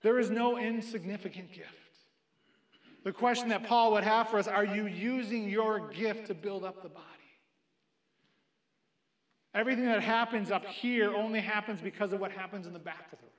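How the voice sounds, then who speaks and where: A young adult man preaching a sermon, telling a personal story in an earnest way and quoting others in lively asides. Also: high voice, normal speed. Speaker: pastor. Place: church sanctuary. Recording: echoey church room.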